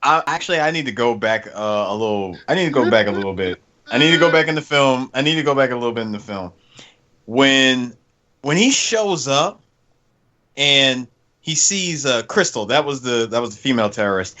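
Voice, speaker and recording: A man's voice: mid-range voice, highs cut off. A man co-hosting a casual movie review podcast, retelling scenes expressively and repeating phrases as he goes. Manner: expressive storyteller, repeats phrases, speeds up and slows down. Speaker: podcast co-host.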